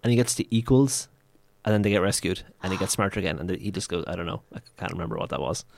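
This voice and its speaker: A man speaks quickly in a lowish voice and adds corrections in a plain, matter-of-fact tone. The recording is dry and close, with no room sound. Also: animated, creaky, darkish tone, dry recording. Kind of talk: casual chat.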